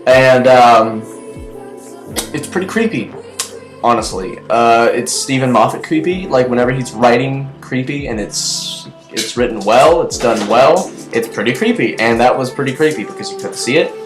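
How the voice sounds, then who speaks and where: A young man giving a casual, rambling TV episode review, chatty and excitable, full of fillers and restarts. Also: mid-range voice, moderate pace. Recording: echoey room with faint music.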